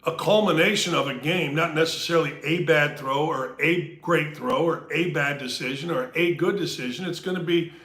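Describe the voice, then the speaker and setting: Bright, animated man hosting sports talk. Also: a little high, normal speed, few pauses, reverberant. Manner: animated, jokey, addresses listeners. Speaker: podcast host.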